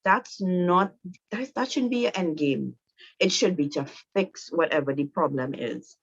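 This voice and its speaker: A woman's voice: on the low side, lively intonation, measured pace, husky, no room sound, dull audio. Direct, coaching woman speaker. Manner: direct, repetitive, coaching with rhetorical "right?". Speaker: marriage teacher. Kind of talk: instructive talk to women.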